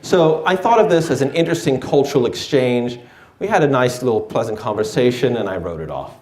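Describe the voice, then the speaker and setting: A man's voice: medium pitch, lively intonation, a little fast, darkish tone. Wry man telling a story in an echoey room. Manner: wry, self-deprecating delivery. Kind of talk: live personal storytelling.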